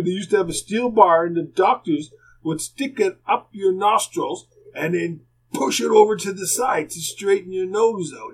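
A man's voice: on the high side, breathy edge, rough recording. An older man, a former hockey player rambling through plainspoken anecdotes as a podcast guest. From Canada. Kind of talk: casual storytelling.

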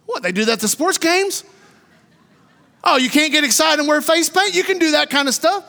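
A man preaching a sermon in a church, fervent, rising to shouts and then dropping low. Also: expressive, moderate pace, vocal fry, in a large hall. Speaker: pastor. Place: church sanctuary.

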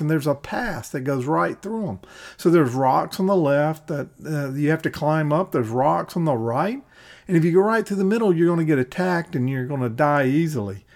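A man's voice: a little high, darkish tone. A man teaching a Bible-study podcast, retelling and reading scripture in a plain conversational way.

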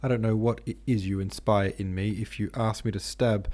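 A man's voice: on the low side, fairly even intonation, a little fast, darkish tone, close to an everyday voice. A man reading as a devout, lovestruck woman. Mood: impassioned. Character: devout woman, torn between faith and love.

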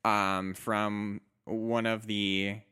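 Male game master, clear smooth tone, halting casual narration. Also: fairly low pitch, little pitch movement, sharp tone. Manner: hesitant, many fillers and restarts.

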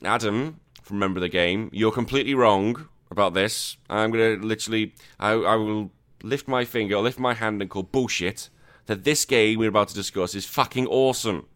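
A man's voice: lowish voice, moderate pace, fairly bright tone. A man with a Liverpool accent and a sore throat, hosting a casual podcast chat, swearing freely and joking bluntly. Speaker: podcast host.

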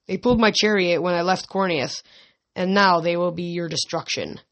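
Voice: normal speed, fairly bright tone, natural voice. A reader voicing a scheming, vengeful ancient sorceress woman in an audiobook reading, theatrical and mocking. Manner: theatrical, mocking, then shrill and threatening.

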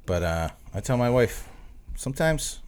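A man's voice: medium pitch, big pitch swings, a little slow, darkish tone, clear, resonant tone. Joking crude man on a podcast. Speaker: podcast co-host. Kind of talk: casual podcast banter.

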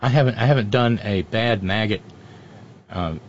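A man's voice: on the low side, moderate pace, slight background noise. A man giving off-the-cuff political commentary, sardonic and profane, rambling with frequent restarts. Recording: dull, dry lo-fi audio.

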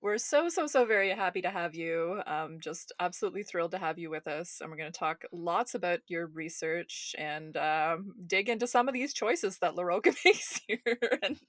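Woman host in her 30s, lowish pitch, enthusiastic, laughs a lot, dry recording. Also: expressive, normal speed, hardly any pauses, no echo. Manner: gushing, enthusiastic, laughs often. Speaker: podcast host. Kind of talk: casual podcast chat.

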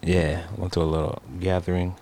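A man's voice: low-pitched, level tone, fairly quick, a little mellow. A man co-hosting a podcast in a laid-back, slangy, cursing casual chat. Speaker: podcast co-host.

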